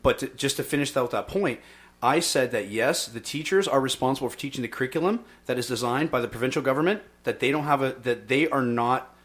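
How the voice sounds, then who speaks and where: A man hosting a podcast and making his case in an emphatic, energetic way, often pausing on "okay". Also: mid-range voice. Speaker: podcast host and youth fitness instructor. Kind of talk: casual debate chat.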